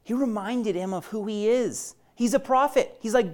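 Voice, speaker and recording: This pastor's high voice carries a sermon at a moderate pace with few pauses. He talks to the congregation as if in conversation, alternating between loud, emphatic moments and soft near-whispers.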